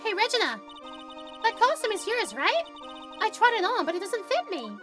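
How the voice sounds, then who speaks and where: A high, bright, chirpy young sidekick girl, as a woman puts her on, teasing and eager. Lively game music sits clearly under her voice. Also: moderate pace.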